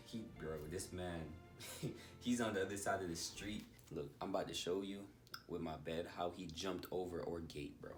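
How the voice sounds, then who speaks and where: A man telling a story in a casual vlog, animated, laughing often and acting out scenes. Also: low voice, moderate pace. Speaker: vlogger. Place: indoor room, bedroom. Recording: echoey room, from a distance, faint music.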